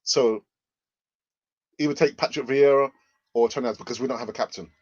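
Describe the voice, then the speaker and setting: A man's voice: mid-range voice, a little fast, dry recording, muffled recording. A man hosting a live fan stream, reading viewer comments aloud in a rambling, hesitant way with frequent restarts and chuckles. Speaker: fan channel host.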